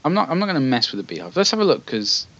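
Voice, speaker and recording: A man's voice: on the high side, big pitch swings, rapid-fire, a bit bright, dull audio. A man playing a text adventure, reading the story aloud and chatting between passages with hesitant asides. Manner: reads the story evenly, then chats with hesitant asides. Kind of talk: let's play, reading game text aloud with commentary.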